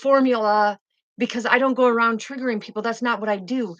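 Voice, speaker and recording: A woman's voice: on the high side, steady tone, brisk, a bit bright, lo-fi sound. A woman speaking as a spiritual healer, fervent and insistent, who repeats her key phrases and speaks bluntly. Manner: blunt, swears now and then. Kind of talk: emphatic spiritual monologue.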